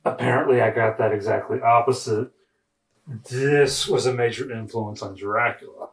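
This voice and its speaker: A man of middling pitch picks his words slowly in casual podcast chat, stalling on fillers before reaching his point. His voice sits back from the microphone and sounds distant. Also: fairly even intonation, reverberant. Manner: halting, hesitant, quick to laugh. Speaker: podcast guest. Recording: voice from a distant mic.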